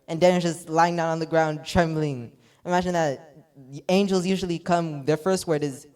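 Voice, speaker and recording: A man's voice: fairly high pitch, fairly even intonation, brisk, darkish tone, clear, resonant tone. A man preaching a sermon, reading scripture aloud and retelling it with repeated rhetorical asides.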